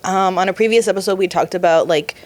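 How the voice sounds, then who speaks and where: Lower-voiced woman podcast co-host. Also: quick pace, darkish tone. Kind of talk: casual chat.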